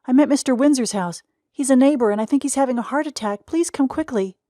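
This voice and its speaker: A woman voicing an eager, earnest young boy who shouts with excitement. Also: mid-range voice, moderate pace, no echo, studio quality, pitched above the performer's own voice, lightly acted. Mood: urgent.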